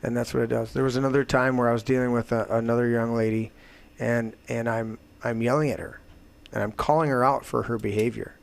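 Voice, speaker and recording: A man hosting a talk show, delivering a heated, profane political rant that swings into loud outbursts. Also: medium pitch, steady tone, fairly quick, vocal fry. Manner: profane, emphatic, swings to shouting. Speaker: show host.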